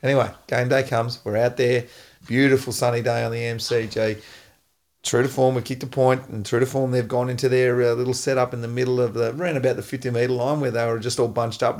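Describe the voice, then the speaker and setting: An Australian man and former footballer, hosting a casual chat and telling an animated story with frequent laughs. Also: mid-range voice. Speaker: podcast host, former footballer.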